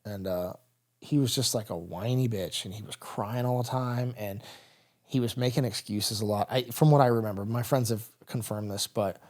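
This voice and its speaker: Speaking at a moderate pace in a lowish, darkish voice, a thirty-something veteran guests on an interview podcast. His storytelling is candid, casual, and rambling, with "brother" and "dude" coming up often.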